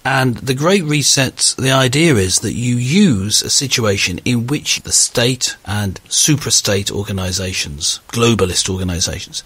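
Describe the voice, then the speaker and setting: Husky low-voiced man hosting a discussion. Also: no room sound. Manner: earnest and animated. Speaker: podcast host. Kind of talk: conversational discussion.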